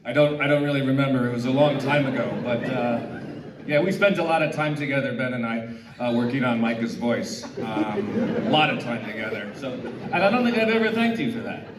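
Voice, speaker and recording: A man telling a halting story as a voice actor on a panel. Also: medium pitch, heavy background noise. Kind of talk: casual storytelling on stage. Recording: echoey hall, distant mic, loud crowd.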